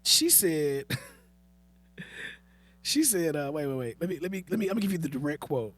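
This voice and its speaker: Casual co-host: husky man, fairly high voice, animated teller. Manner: animated storyteller, quick repeated restarts. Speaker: podcast co-host. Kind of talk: casual chat, reading quotes aloud.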